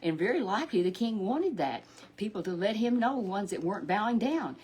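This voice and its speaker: A woman's voice: mid-range voice, lively intonation, a little fast, darkish tone. Female storyteller for a children's Bible tale. Folksy, repetitive, chats to a puppet. Faint background noise. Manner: chatty and repetitive, with asides to a puppet.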